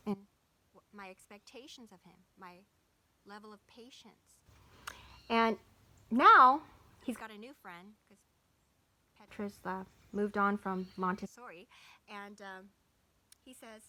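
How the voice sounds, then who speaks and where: A woman's voice: mid-range voice, moderate pace, fairly bright tone. Chatty woman musing about parenting. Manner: chatty, many fillers and self-corrections. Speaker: vlogger. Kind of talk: casual reflective chat.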